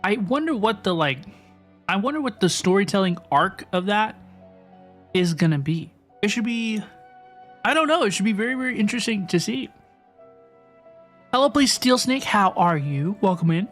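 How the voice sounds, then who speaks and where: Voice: medium pitch, sing-song, normal speed, long pauses, a bit bright, faint music behind. A game streamer chatting casually with viewers, rambling with lots of fillers and tag questions. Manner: rambling, filler-heavy, asks chat "right?". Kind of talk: casual live-stream commentary.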